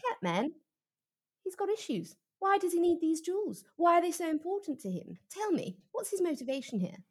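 Woman, podcast host, comic chat, gushing, mock-earnest, high voice. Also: big pitch swings, normal speed. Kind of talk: comic chat, playing a fawning interviewer.

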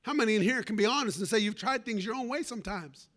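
A male preacher with a very high, bright and forceful voice. He delivers a fervent sermon, calling for amens from the congregation and telling homespun personal stories along the way. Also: fast. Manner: fervent, calls for amens, folksy storytelling.

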